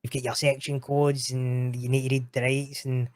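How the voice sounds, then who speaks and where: A man's voice: mid-range voice, completely flat delivery, moderate pace, dry recording, clean studio sound. A Scottish man chatting casually as a podcast guest, slangy and laughing often, swearing freely. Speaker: podcast guest, roleplay streamer. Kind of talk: casual chat.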